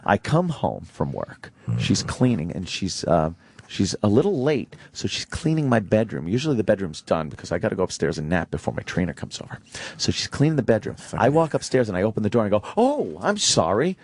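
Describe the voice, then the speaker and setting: A man's voice: fairly low pitch, very animated, fairly quick, darkish tone. A man co-hosting a radio show, telling a boastful story in crude banter.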